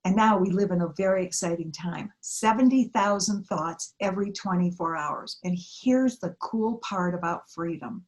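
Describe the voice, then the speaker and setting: A woman's voice: fairly low pitch, normal speed, hardly any pauses. Middle-aged woman minister giving a sermon. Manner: earnest, storytelling with acted-out quotes.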